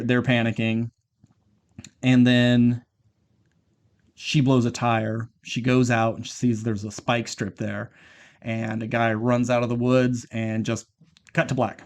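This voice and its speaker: A man's voice: mid-range voice, little pitch movement, a little slow. A man co-hosting a podcast, casually retelling a movie plot in a rambling way, swearing and acting out the characters' lines. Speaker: podcast co-host. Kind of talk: casual film recap chat.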